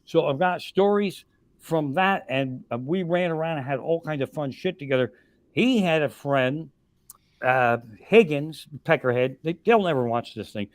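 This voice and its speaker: A man's voice: on the high side, normal speed, dry recording. Profane storytelling man in his sixties. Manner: profane, animated storytelling with loud punchlines. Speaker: comedian guest telling stories. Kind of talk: casual storytelling on a live podcast.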